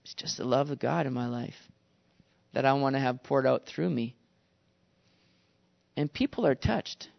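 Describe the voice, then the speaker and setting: A man's voice: medium pitch, a little slow, gravelly, pauses often, muffled recording. A man preaching a sermon, telling stories with animation and acting out the quotes. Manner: animated storytelling, acts out quotes. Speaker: pastor.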